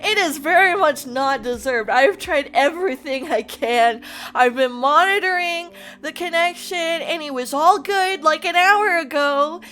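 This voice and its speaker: High-voiced, unhurried nervous woman streamer. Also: fairly bright tone, soft background music. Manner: anxious, rambling, laughing nervously. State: on the verge of tears. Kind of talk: casual live-stream chat.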